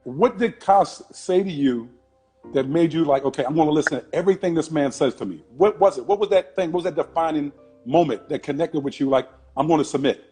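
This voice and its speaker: A man interviewing his guest, asking quick, probing questions and reacting often. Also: fairly high pitch, warm tone, slightly rough, faint music behind.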